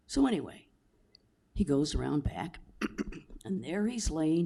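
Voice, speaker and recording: A man hosting a town hall, slowly telling a joke to the audience. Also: fairly high pitch, very animated, dark tone. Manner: slow, drawn-out storytelling.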